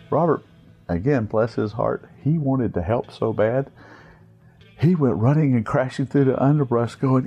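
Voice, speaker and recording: A man telling a funny scouting story, animated and chuckling, acting out other people in high-pitched voices. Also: normal speed, creaky, highs cut off, faint music behind. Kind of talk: storytelling anecdote.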